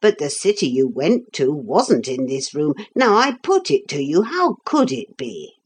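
This is a small wooden toy figure come to life in a storybook, put on by a woman narrator. He explains strange things patiently and plainly, never flustered. The voice is husky and slow, with a lively melodic lift. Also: deep voice, full character voice. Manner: calm, explaining, matter-of-fact.

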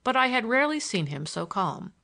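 A woman narrating an audiobook in an expressive reading voice. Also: a little high, brisk, vocal fry. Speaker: audiobook reader. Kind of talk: storybook narration.

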